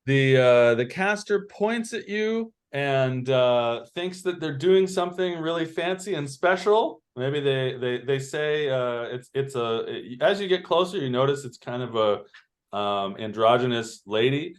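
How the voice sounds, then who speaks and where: A man narrating as game master, pausing often with fillers and restarts. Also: medium pitch, lively intonation, smooth. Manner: halting, many fillers and restarts.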